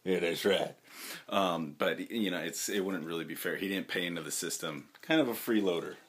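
A man with a low voice chats casually to the camera at home. He rambles, stops and restarts, and fills his pauses with ums and uhs. Now and then he turns to his dog and talks to it in a fond, raised voice. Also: fairly bright tone. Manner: rambling, halting, lots of fillers and restarts. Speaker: vlogger.

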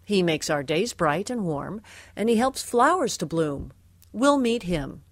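A woman's voice: lowish voice, very animated, measured pace, no room sound, heavily acted. A woman voicing a fussy, anxious father mouse in a storybook, calling out eagerly and stammering at times.

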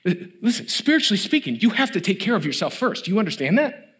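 A man in his thirties preaching a sermon as pastor, emphatic and building, dropping to a low hush on key words. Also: very animated, quick pace.

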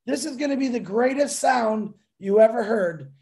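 An excitable man rambling through a pep talk as a webinar co-presenter over a video call, laughing while he talks. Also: very high-pitched, normal speed, hardly any pauses.

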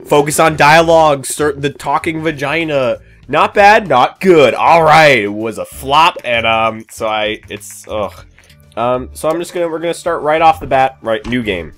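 A man giving comedic let's-play commentary as a gaming YouTuber, goofy and jokey, with sudden excited yelps. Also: a little high, a little slow, soft background music.

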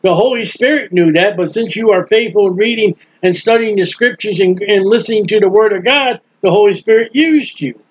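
Guy with a high voice preaching a sermon, folksy, hits words hard, muffled lo-fi audio. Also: a little fast, few pauses, husky. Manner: folksy, emphatic, acts out quoted voices. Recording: dull lo-fi sound.

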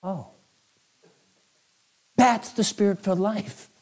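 A man's voice: high-pitched, slow, vocal fry, darkish tone. A male evangelist preaching a sermon in a church, telling stories in a conversational way with chuckles.

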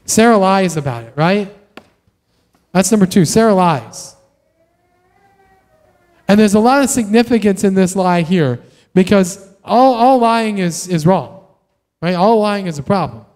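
A man preaching a sermon in a conversational, animated way, often tossing in "right?" to the congregation. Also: high-pitched, unhurried, pauses often, in a large hall. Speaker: pastor. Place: church sanctuary.

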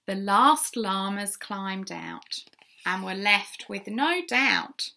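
A woman storyteller reads a rhyming children's book in a slow, sing-song way. Her bright, crisp tone sits slightly high, with a gravelly edge of fry. She often asks her young listeners questions and sometimes drops into soft whispers. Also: lively intonation. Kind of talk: reading a rhyming picture book aloud.

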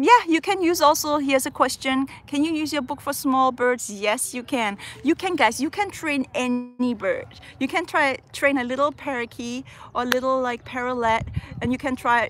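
A woman's voice: fairly high pitch, a bit bright, slight background noise. Chatty young woman reading viewer comments. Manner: reads comments aloud and answers chattily, laughs often. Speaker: livestream host answering viewer questions. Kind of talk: casual live chat.

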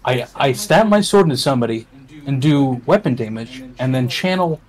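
Male streamer, animated delivery, casual and profane. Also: medium pitch, normal speed, crowd noise, rough recording. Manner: loud, swears, laughs a lot. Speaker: streamer playing a game with friends. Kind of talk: casual gaming chat.

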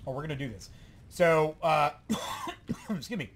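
A man hosting a let's play, giving excitable, rambling gameplay commentary and talking to himself. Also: on the high side, a little slow, pauses often, a little hiss or hum.

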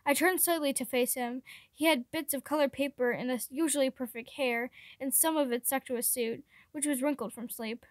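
A woman reading a fan fiction chapter aloud, steady with occasional stumbles over words. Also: high voice, moderate pace, no echo, clean studio sound. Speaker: reader.

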